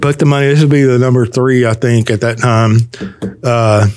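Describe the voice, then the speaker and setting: A man's voice: medium pitch, fairly even intonation, normal speed, darkish tone, a little hiss or hum. A man hosting a podcast in casual chat, joking and explaining at length. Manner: joking, talks in long explanatory runs. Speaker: podcast host.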